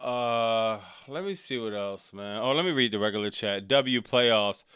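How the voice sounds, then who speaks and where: A man with a clean tone, talking a little slowly, hosts a live wrestling reaction stream and reads chat aloud. He moves between loud, excited outbursts and low, frustrated mutters in casual slang, frequently ending lines with "dog" or "bro".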